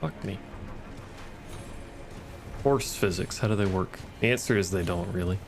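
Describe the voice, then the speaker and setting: Over game music, a male streamer with a low voice speaks a bit slowly. He mutters, swears at the game, and keeps up a sarcastic, laid-back running commentary.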